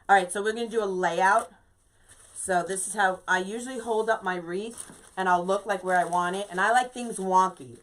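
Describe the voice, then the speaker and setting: Chatty emphatic woman in her fifties. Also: lowish voice. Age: 50s. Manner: chatty and emphatic, greets viewers by name. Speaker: craft instructor and shop owner. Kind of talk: live-streamed craft tutorial.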